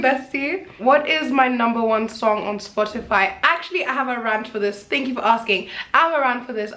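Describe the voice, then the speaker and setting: Chatty, giggly young woman vlogger. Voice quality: giggly, laughs often mid-sentence. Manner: chatty and animated, bursts into high laughter. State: briefly teary. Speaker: radio host and vlogger. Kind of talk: casual Q&A chat to camera.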